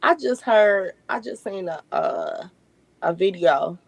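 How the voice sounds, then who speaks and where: A woman, a podcast guest telling lively family stories and laughing often. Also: mid-range voice, slow pace, gravelly, no room sound, low-quality recording. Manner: animated storyteller, laughs often. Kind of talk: casual podcast chat.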